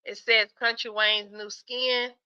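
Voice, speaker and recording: A woman hosting a casual livestream, reading viewer comments aloud, chatty and quick to laugh while sleepy and yawning. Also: on the high side, flat delivery, sharp tone, smooth, muffled recording. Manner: chatty, laughs often, talks straight to viewers. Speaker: livestream host.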